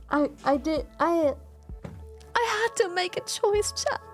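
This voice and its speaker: A woman's voice: sits high, very animated, unhurried, pauses often, faint music behind. A young woman streamer telling a story casually to her chat, swearing freely and often breaking into giggles.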